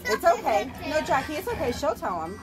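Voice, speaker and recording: A high-pitched woman gushes and coos in a casual home video, her voice swooping up and down at an unhurried pace. She laughs often as she talks to the dogs in the yard, with music playing clearly under her. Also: sing-song, poor audio. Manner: gushing, cooing at puppies, laughing often. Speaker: dog owner vlogger. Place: outdoors in a yard.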